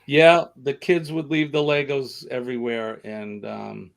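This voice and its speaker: A man's voice: mid-range voice, level tone, measured pace, creaky. A middle-aged man with a Boston accent, hosting a casual live chat in a rambling, self-deprecating way. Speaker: livestream host.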